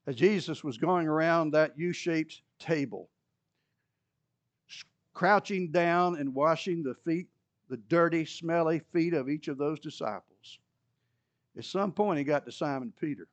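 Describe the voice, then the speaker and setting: A male pastor preaching an animated sermon, mixing scripture explanation with humorous asides. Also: fairly high pitch, a little slow, no echo, lo-fi sound.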